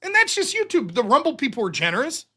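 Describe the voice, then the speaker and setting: Animated, profane American man streaming. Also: very high-pitched, fast. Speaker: streamer and show host. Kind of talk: casual livestream monologue.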